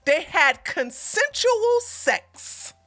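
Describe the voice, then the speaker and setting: High bright-voiced woman ranting bluntly. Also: very animated, very slow, soft background music. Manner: blunt, cursing, mocking, laughs loudly; rants and repeats points to chat. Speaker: livestream host reacting to a clip. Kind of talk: heated profane commentary.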